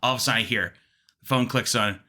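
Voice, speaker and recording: A young man, a guest comedian, telling animated stories with lots of fillers and the odd swear. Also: medium pitch, very fast. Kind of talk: comedic storytelling.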